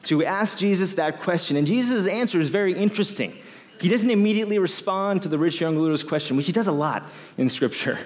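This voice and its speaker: A man preaching a sermon as a pastor, in an animated way, often repeating phrases. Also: sits high, quick pace, big-room sound.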